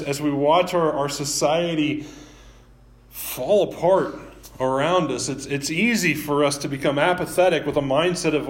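A man preaching a sermon as pastor, talking in a relaxed, conversational way with self-deprecating asides, live-streamed from a church. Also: on the high side.

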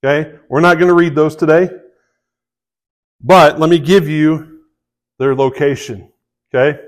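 A man's voice: fairly high pitch, fairly even intonation, unhurried, poor audio. A man preaching a sermon in a conversational way, often checking in with his listeners and reading scripture aloud with rising emphasis. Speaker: pastor.

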